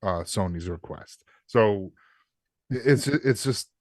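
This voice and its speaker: A man in a casual podcast chat, halting and restarting, swearing for emphasis. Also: on the low side, animated, dry recording, studio quality. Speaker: podcast co-host.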